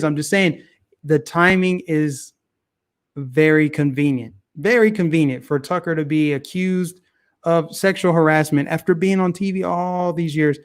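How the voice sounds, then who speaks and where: With a voice on the high side, a man hosting a casual talk show shares animated, opinionated views on politics and repeats many of his phrases.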